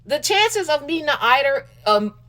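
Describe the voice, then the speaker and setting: A woman with a Southern US accent hosting a casual commentary talk show, sassy and animated, calling her listeners baby and y'all. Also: high voice, normal speed. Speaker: podcast host.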